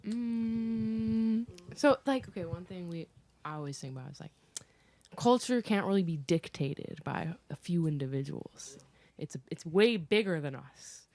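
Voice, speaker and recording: A woman's voice: on the low side, lively intonation, unhurried, a little mellow. A woman guest on a podcast who speaks earnestly and thoughtfully, with a lot of filler words. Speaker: podcast guest, cannabis event founder. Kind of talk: casual podcast chat.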